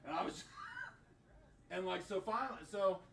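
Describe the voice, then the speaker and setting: A man's voice: high voice, unhurried, creaky, fairly bright tone. A man who owns a game store, telling a heated story in casual chat and swearing freely. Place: shop, indoors. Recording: roomy, distant mic, faint background noise.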